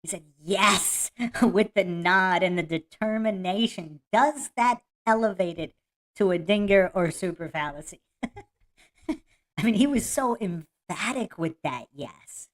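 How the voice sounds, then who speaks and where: A woman's voice: medium pitch, a little slow. A woman hosting a podcast, laughing often and mocking as she talks through a debate clip and reads chat comments aloud. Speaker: podcast host. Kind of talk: casual live-stream commentary.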